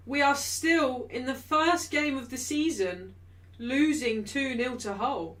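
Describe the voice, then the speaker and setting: High bright-voiced woman ranting. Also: slow. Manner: exasperated, repetitive ranting about her team; shouting in frustration. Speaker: football watchalong host. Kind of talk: live match watchalong commentary.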